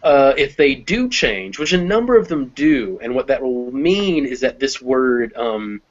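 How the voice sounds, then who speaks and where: Uomo insegnante d'inglese, registrazione un po' sorda. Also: male voice, medium pitch, very animated. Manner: explains step by step, pausing to think with many ums. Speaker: English teacher. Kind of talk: conversational language lesson. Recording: slightly dull recording.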